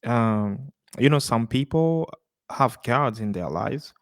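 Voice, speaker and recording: Guy hosting a podcast, talks slow and loose, lots of uh and you know, laughs a lot, dry close sound. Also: medium pitch, expressive, no echo. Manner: loose and chatty, laughs often, fillers and restarts. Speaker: podcast host reacting to a clip. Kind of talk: casual commentary.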